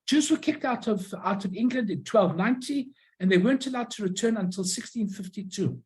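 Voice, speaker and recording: A middle-aged woman giving an informal illustrated lecture on postcards, who often pauses to search for her words and tells anecdotes along the way. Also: mid-range voice, a little mellow, low-quality recording.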